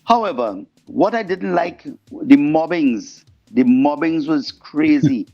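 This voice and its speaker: A man being interviewed as a guest singer, telling stories in a lively way and acting out the voices of the people in them. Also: on the high side, takes it slowly. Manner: animated storyteller, acts out quoted voices. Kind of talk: storytelling interview chat. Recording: muffled podcast audio with faint music.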